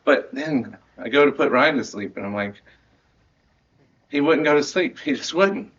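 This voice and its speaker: A man's voice: medium pitch, moderate pace, fairly bright tone, lo-fi sound. A man in his thirties, a marching band director, giving a heartfelt end-of-season speech to his students, earnest and rambling with laughs and restarts.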